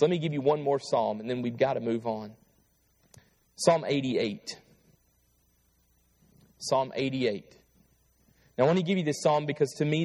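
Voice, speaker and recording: A male pastor preaching a sermon, reading scripture aloud with pleading intensity that swells and then falls quiet. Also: mid-range voice, big-room sound. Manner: impassioned, rising to pleading cries then dropping quiet.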